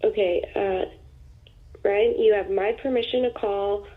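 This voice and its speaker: A woman calls in to a radio show over a tinny phone line. She speaks hesitantly in halting pieces, at a middle pitch. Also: steady tone. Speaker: caller.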